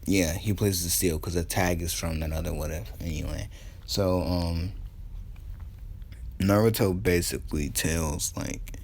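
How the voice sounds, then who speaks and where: A young man with a slightly low-pitched voice telling a fan story off the cuff. He is laid-back and profane, and he trails off with plenty of ums and laughs at his own jokes. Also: steady tone, unhurried, a little mellow. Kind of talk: casual fan-fiction storytelling.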